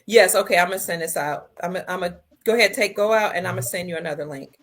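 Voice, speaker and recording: Woman, livestream host, tearful, emotional, lowish voice, casual chat with viewers. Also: racing. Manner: emotional, swings between soft and loud.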